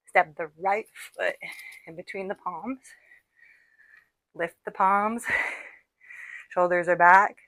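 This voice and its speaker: A woman's voice: lowish voice, a bit bright, dry recording. A woman leading a guided workout, counting out reps and encouraging her class while a little out of breath. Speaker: fitness instructor.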